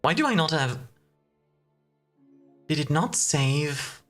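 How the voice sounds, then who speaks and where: Playful low-voiced woman streamer. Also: lively intonation, slow pace, a bit bright, soft background music. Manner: playful and self-mocking, bursts of laughter. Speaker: streamer playing a game. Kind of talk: casual live-stream chat.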